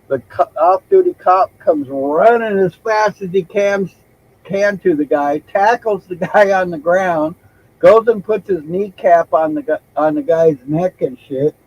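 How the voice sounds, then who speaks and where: A man's voice: fairly high pitch, animated, measured pace, a little mellow, husky. A man hosting a casual podcast chat, telling a story in a rambling way, swearing casually and laughing easily. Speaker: host. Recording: dull lo-fi recording.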